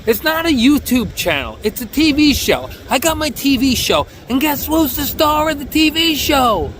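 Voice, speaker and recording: Near a beach outdoors, a man with a New York accent and a very high voice delivers a rambling bodyboarding vlog at normal speed. He boasts, jokes, mocks himself and stays animated, over a faint hiss or hum.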